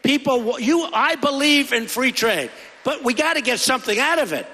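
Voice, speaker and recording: A man's voice: very high-pitched, lively intonation, moderate pace, sharp tone. A middle-aged man giving a rambling, repetitive campaign rally speech, full of conversational asides, into a podium microphone. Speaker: political candidate. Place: large indoor rally hall. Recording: echoey hall with long reverb.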